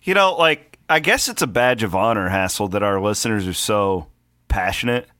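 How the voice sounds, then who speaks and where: A low-pitched man with a bright, forceful tone, co-hosting a casual sports podcast. His voice is recorded close and dry, with no room sound, and he chats with wry asides. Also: animated, moderate pace, clear, resonant tone, no echo.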